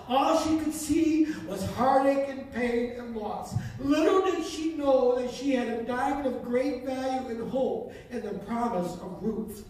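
A man's voice: extremely high pitch, darkish tone, slight background noise. A man preaching a sermon in a church, fervent and repeating phrases for emphasis. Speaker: pastor. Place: church sanctuary. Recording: echoey hall, voice from far off.

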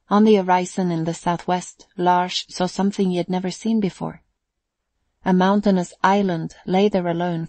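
A man narrating an audiobook, reading briskly and raising his voice for characters' lines. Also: high voice, dry recording. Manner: reads at a brisk pace, gives characters louder lines. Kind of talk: scripted narration.

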